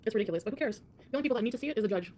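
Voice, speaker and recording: A woman's voice: on the high side, lively intonation, racing, dark tone. A woman livestreamer ranting defiantly, mocking her critics. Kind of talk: livestream rant.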